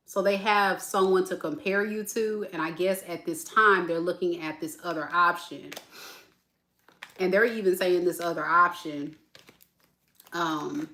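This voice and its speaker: Chatty, bright-voiced woman tarot reader. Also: fairly low pitch. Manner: chatty, animated, addresses viewers as y'all. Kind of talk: casual tarot reading livestream.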